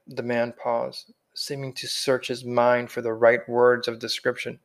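A man narrating a novel aloud in a calm, measured reading voice. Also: medium pitch. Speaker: audiobook reader. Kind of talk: scripted narration.

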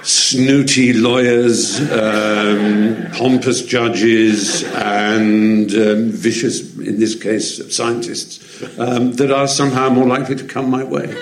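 An English man, an interview guest, telling theatrical anecdotes articulately, with frequent ums. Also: fairly low pitch. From England. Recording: roomy echo.

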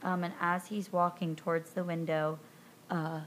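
A woman hosting a podcast, recounting a film scene by scene in a chatty, animated way, full of ums and likes. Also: on the low side, normal speed. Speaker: podcast host recapping a film. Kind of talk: casual recap narration.

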